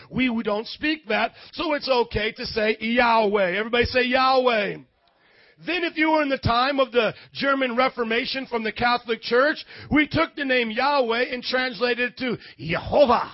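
A man preaching a sermon as pastor, energetic and calling on the congregation to respond. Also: very high-pitched, dry recording, dull audio.

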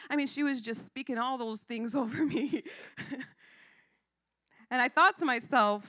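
A woman giving a sermon testimony, swinging from a hushed near-whisper to loud, emphatic preaching with lots of repetition. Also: on the high side, measured pace, no room sound, studio quality. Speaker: church speaker giving testimony.

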